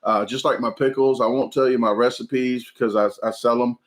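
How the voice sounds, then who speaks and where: A man in his forties hosting a casual livestream, talking haltingly with many ums and restarts as he chats and answers viewer comments. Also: medium pitch, fairly even intonation. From United States. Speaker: food channel livestream host.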